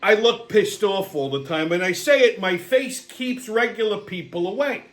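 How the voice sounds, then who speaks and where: A fed-up man with a noticeably high voice rants straight to his audience, cursing freely. He trips over himself with stammered restarts as his aggravation builds, sounding worn out by the people around him. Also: expressive. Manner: exasperated, sweary, rapid restarts and stammers. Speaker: channel host. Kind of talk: profane ranting monologue.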